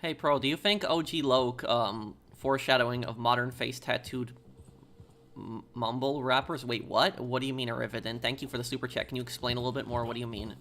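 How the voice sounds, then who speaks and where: A male streamer chats casually with his viewers from a home gaming setup, reading their messages aloud and answering them offhand. His voice has a bright, forward edge at a middle pitch. Faint game noise sits softly behind him. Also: fairly even intonation, fairly quick. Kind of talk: casual live-stream chat while gaming.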